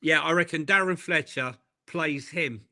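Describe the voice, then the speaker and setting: A man with a bright, forward voice, co-hosting a casual football livestream. He thinks aloud in an easy, rambling way, with plenty of fillers. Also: on the high side, a little slow. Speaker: co-host.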